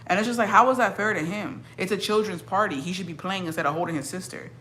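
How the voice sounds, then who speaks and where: A woman's voice: mid-range voice, fast. Blunt, profane woman with a Mexican-American accent. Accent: Mexican-American English with Spanish code-switching. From Mexican-American family. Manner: blunt, profane, animated, code-switching. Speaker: streamer. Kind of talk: casual chat reacting to viewers.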